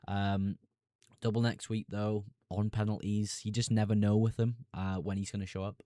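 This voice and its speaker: A man with a Sunderland accent talks in a fairly low voice, reading viewers' questions aloud and answering them in a chummy, off-the-cuff way. The sound is close and dry, with no room around it. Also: level tone, mellow, no echo. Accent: Sunderland (Mackem). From Sunderland, North East England. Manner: casual, chummy, reads a question aloud then answers briskly. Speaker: fantasy football streamer host. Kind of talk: live stream Q&A, reading chat questions.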